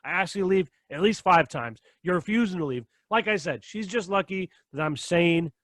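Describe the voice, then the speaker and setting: A man's voice: high voice, animated, normal speed, a bit bright, no echo. A young man co-hosting a podcast, telling a long story with lots of swearing and acting out both sides of an argument. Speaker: podcast co-host. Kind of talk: casual storytelling chat.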